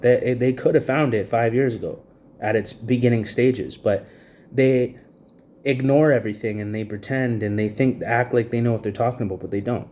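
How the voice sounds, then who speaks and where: Vlogger man in his thirties, lower-pitched mellow voice, breathless and agitated rant, lots of fillers. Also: slight background noise. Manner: agitated, repetitive, many "you know what I mean" fillers. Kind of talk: ranting to camera.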